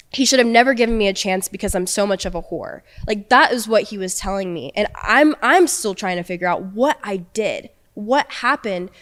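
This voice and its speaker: Young woman on a podcast, earnest and halting, lots of restarts and "like", middle pitch. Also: fairly bright tone. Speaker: podcast guest. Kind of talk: personal storytelling in conversation.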